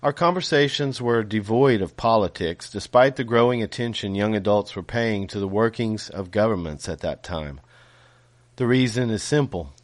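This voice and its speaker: A man reading his own novel aloud in a measured way, with small self-corrections and casual asides. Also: fairly low pitch, no room sound.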